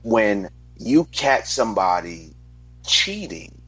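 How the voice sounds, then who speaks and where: A man in a heated sports debate, arguing in a deliberate, emphatic way. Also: fairly low pitch, very animated, a bit bright, slightly rough, no echo. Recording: dull lo-fi dry sound.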